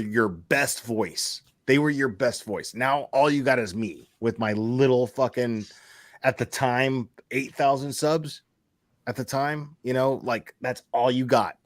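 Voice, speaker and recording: A man in the middle of a casual talk, heated and profane, circling back over the same phrases as he vents. His voice sits at an ordinary pitch and sounds close and dry, with no room around it. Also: fairly bright tone, no room sound. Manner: heated, profane, repeats himself. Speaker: YouTube channel host. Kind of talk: casual venting chat.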